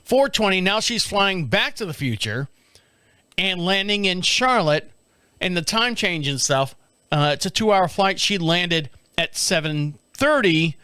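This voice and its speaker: A man tells a casual story on his own show, lively and laughing as he acts out the people in it. His voice sits a little high for a man. It is recorded close and dry. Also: a little slow, clear, resonant tone, no room sound. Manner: animated, acts out quoted voices, laughs often. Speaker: podcast host.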